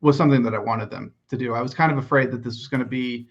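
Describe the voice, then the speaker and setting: A man co-hosting a podcast, speaking in a measured, knowledgeable, dry way. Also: medium pitch, fairly even intonation, husky. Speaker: podcast co-host. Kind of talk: casual chat. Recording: muffled lo-fi mic.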